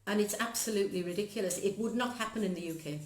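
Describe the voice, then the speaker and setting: A woman's voice: medium pitch, fast talker. A woman in her sixties from Zambia, speaking in an earnest, chatty way and laughing often. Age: 60s. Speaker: guest. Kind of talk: casual chat. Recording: echoey room.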